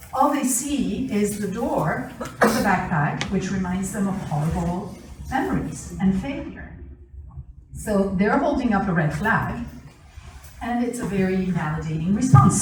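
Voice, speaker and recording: A woman teaching a family skills class in a lively way, acting out little quotes, laughing often and asking "right?" again and again. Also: mid-range voice. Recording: echoey room, voice from far off.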